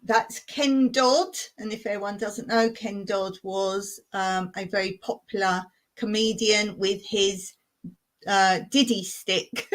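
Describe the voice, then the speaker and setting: A woman's voice: medium pitch, takes it slowly, a bit bright. A woman from England hosting a casual live stream, chatting and giggling as she reads out viewer comments. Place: home in rural Cyprus.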